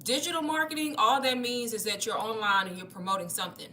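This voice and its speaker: A woman's voice: on the high side, fairly even intonation, fast talker, bright, forceful tone, slight background noise. A young woman hosting a casual livestream, chatty and a little out of breath, calling her viewers y'all. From Texas. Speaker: livestream host.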